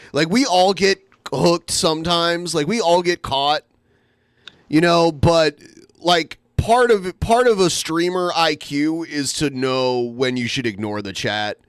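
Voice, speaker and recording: A man's voice: a little high, unhurried, clean tone, no echo, studio quality. A man hosting a podcast, chatting casually and with amusement, using many fillers. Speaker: podcast host. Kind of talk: casual commentary chat.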